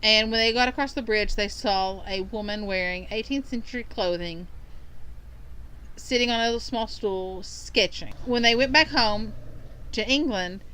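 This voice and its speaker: A woman's voice: medium pitch, normal speed, bright, forceful tone, a little hiss or hum, poor audio. A woman from Kentucky, co-hosting a podcast and recounting a story in a rambling, casual way with frequent ums. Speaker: podcast co-host.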